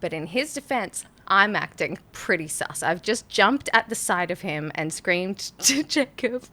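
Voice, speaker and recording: A woman hosting a podcast, telling a story in casual chat with lots of laughter and animated reenactments. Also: medium pitch, unhurried. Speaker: podcast host.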